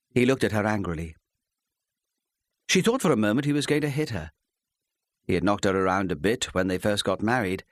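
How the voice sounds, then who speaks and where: A man narrating an audiobook in a measured, expressive storytelling manner on a close studio mic. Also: lowish voice, no room sound.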